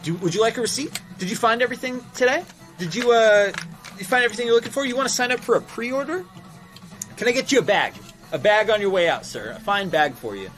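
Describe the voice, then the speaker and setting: Dude doing a high chirpy store clerk voice, super pushy, upselling nonstop. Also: male voice, expressive, a bit bright, soft background music. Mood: pushy upbeat. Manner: chirpy salesman patter, rapid-fire questions. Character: pushy overeager male checkout clerk upselling.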